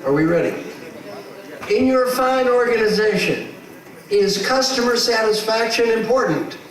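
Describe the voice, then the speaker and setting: A man giving a motivational talk as a leadership coach. He is animated, acts out quotes and asks the crowd rhetorical questions. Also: high voice, unhurried. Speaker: leadership coach speaking to an audience. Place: large hall with a live audience. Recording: echoey hall, far from the mic, noisy.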